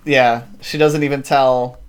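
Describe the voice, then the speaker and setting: A man's voice: mid-range voice, fairly even intonation, a little slow. A man recapping a story in casual chat, rambling with many fillers and acting out quotes. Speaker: podcast host.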